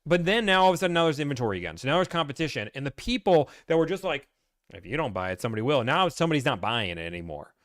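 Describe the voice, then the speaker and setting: A man's voice: on the high side, very animated, racing, few pauses, no room sound. Guy ranting on a q&a stream, blunt, does little salesman voices, dry close sound. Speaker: host answering viewer questions. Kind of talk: casual livestream Q&A.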